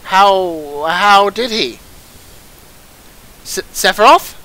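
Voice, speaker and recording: A man's voice: sits high, expressive, drawn-out words, pushed and bright, voice pushed up, full character voice, low-quality recording. A man voicing a shaken young male hero who stammers.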